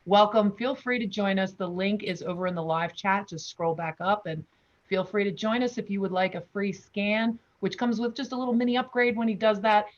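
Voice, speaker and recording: A woman hosts a relaxed group chat over a video call, chatty and welcoming as she greets listeners. Her voice sits at an ordinary middle pitch. The sound is a bit dull and lo-fi, like typical call audio. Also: brisk. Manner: chatty, welcoming, gives shout-outs. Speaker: host.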